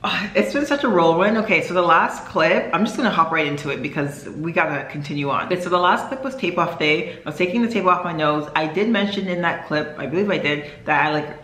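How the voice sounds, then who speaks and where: A woman's voice: lowish voice, fast, hardly any pauses, a bit bright. Chatty young woman vlogging in echoey room. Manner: rambling, chatty, many fillers and self-corrections. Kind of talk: casual vlog chat to camera.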